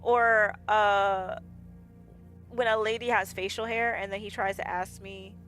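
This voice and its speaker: Unhurried and steady in tone, a woman with a medium-pitched, fairly bright voice chats as she plays on stream. She laughs often and voices other people's lines in her casual stories, with faint game music in the background.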